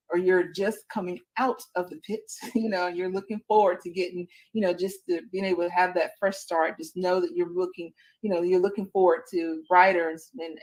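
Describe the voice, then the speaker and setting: A woman's voice: lowish voice, darkish tone, low-quality recording. A woman podcast host in a faith-based interview, encouraging and preachy, leaning on fillers.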